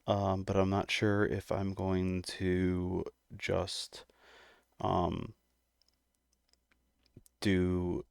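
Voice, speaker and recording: A man with a low, gravelly voice hosts a music reaction, chatting casually and hesitantly with plenty of fillers. He sounds slightly out of breath, and his delivery stays fairly flat. The recording is dry and close. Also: very slow, pauses often, no echo. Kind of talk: casual chat.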